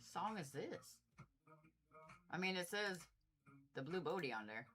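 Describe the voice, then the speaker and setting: A woman doing a casual livestream card reading, blunt and animated, swearing freely and repeating herself for emphasis. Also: fairly low pitch, unhurried, slight background noise. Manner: animated, exasperated asides. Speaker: Reiki and zodiac card reader.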